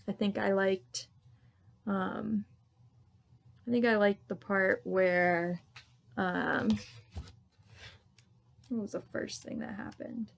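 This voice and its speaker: A woman's voice: medium pitch, creaky, fairly bright tone, slight background noise. A woman reading a children's picture book aloud, then chatting with viewers in a friendly, hesitant way with a few ums. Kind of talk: read-aloud storytelling.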